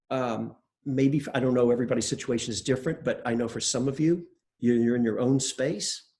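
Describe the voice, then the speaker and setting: Older man, meditation teacher; gravelly, unhurried, chatty dharma-talk delivery. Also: mid-range voice. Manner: relaxed, conversational, self-deprecating storytelling with hesitations.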